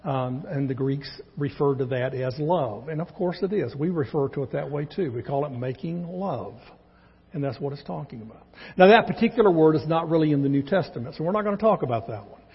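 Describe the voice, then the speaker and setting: A man's voice: on the high side, expressive, a little fast, breathy edge. A man with a Texan accent, a pastor preaching a conversational teaching sermon in a church. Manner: conversational teaching, acts out quoted dialogue. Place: church sanctuary. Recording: dull, echoey church recording.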